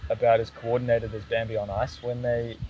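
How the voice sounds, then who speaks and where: An archery coach hosts a relaxed live-stream chat, explaining things step by step and joking around in a medium-pitched voice at a slightly fast pace. Steady background noise runs under his talk, and the highs are cut off.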